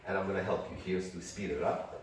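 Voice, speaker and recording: An older man teaching a music workshop, talking in an animated way and demonstrating rhythms with sung syllables. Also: deep voice, fast talker. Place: indoor workshop room. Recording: echoey room from far off, faint noise.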